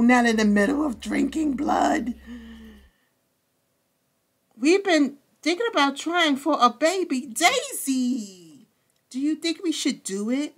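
A young woman hosting a let's-play video, chatting casually in slang and talking to her game characters. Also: a little high. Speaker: gaming channel host.

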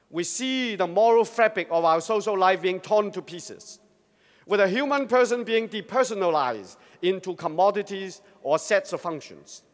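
A man giving a formal, prepared address to a Christian congress, speaking in a measured, earnest and rhetorical way. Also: high-pitched. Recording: long reverb of a large hall.

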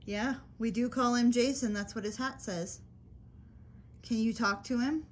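A woman paranormal investigator calmly and persistently asking questions of spirits during a ghost hunt. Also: fairly high pitch, unhurried, a little hiss or hum. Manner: calm, coaxing, persistent questions.

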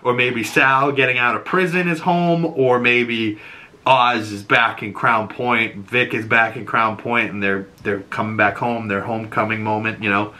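A podcast host, a man, talks through a TV episode in a relaxed, rambling way, peppering it with swears and "you know"s. His voice has a bright, slightly tense edge, and his pitch sits in the middle. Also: measured pace. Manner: loose and profane, chatty fillers. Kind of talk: casual TV episode recap.

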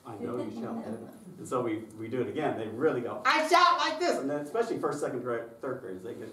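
A man leading a workshop on children's singing, lively and demonstrative, acting out the voices he describes. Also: medium pitch, quick pace. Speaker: choral music clinician. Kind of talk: conference workshop presentation. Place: conference session room. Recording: echoey room from far off.

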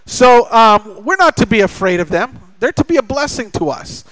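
A very high-pitched, sing-song, fairly bright voice belongs to a middle-aged pastor preaching at a moderate pace in a church sanctuary. He narrates a family story, acting out the dialogue and joking chattily with the congregation. The recording is low quality, without echo.

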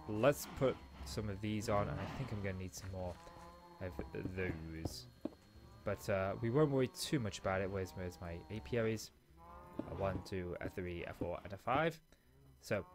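Chatty man with a low voice. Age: adult, father of a school-age daughter. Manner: rambling, chatty, self-mocking asides. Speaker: let's play host. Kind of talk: casual gameplay commentary. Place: small home office.

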